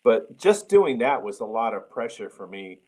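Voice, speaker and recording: A man's voice: lowish voice, very animated, moderate pace, a little mellow, breathy edge, low-quality recording. A man as a podcast guest in casual chat, talking bluntly and swearing freely. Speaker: interview guest, film director.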